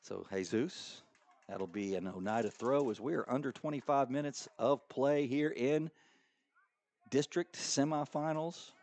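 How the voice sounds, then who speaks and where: A middle-aged man doing play-by-play commentary for a school soccer match, joking around and bursting into excited high calls. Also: measured pace. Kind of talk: local sports commentary.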